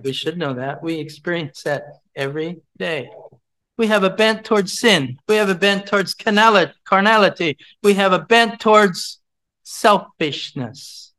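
A man's voice: sits high, normal speed, sharp tone, poor audio. A man leading a Bible study, teaching from scripture, repeating his points and putting questions to the group.

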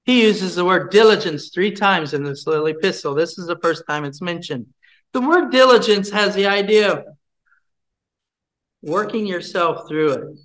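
A man's voice: high-pitched, moderate pace, fairly bright tone, poor audio. A man leading a Bible study, teaching from scripture, repeating his points and putting questions to the group.

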